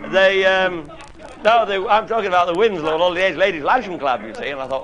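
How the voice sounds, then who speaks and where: A man's voice: high voice, fast talker, a bit bright. A middle-aged man, telling bawdy comic stories to an audience and chuckling at his own jokes. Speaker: after-dinner speaker. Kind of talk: comic storytelling monologue. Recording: noisy vintage 1960s live tape.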